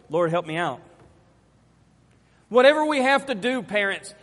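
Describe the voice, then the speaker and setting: A middle-aged man delivers a sermon as a pastor, his voice sitting noticeably high. He speaks earnestly, circles back to repeat his questions, and climbs to forceful emphasis. The sound carries the long reverb of a church hall. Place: church sanctuary.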